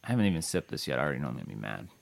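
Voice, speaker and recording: A man's voice: a bass voice, very animated, racing, gravelly, no echo. A man co-hosting a casual whiskey tasting podcast, effusive and playfully dramatic about what he drinks.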